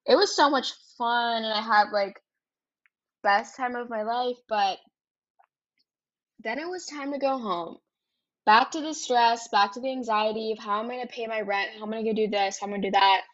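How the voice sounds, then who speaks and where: A woman's voice: a little high, normal speed, highs cut off. Chatty young woman telling her story. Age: 20s. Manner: candid and chatty, swears freely, many "like" and "right?" tags. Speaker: podcast host. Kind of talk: casual personal storytelling.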